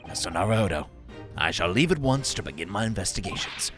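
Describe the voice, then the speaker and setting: A man's voice: deep voice, lively intonation, fairly quick, a bit bright, soft background music, pitched below the performer's own voice. A man voicing a theatrical, formal-speaking great detective in a game playthrough. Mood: composed. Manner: dramatic, old-fashioned formal speech. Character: grand, theatrical male great detective, adult. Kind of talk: game voice-acting in a let's play.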